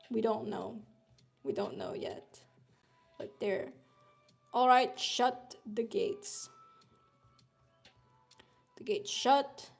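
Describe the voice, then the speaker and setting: A slightly high-voiced woman streamer talks at an unhurried, drawn-out pace while reading webtoon panels aloud. She is a bit sick and chats loosely, swearing as she goes. Soft music plays faintly underneath. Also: gravelly. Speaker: streamer reviewing webtoon contest entries. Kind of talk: casual live-stream commentary.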